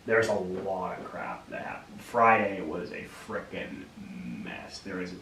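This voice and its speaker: A young man chatting casually as a podcast co-host, telling stories in a halting way with restarts and laughter. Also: deep voice, pushed and bright. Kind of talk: casual storytelling chat. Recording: roomy, distant mic with faint noise.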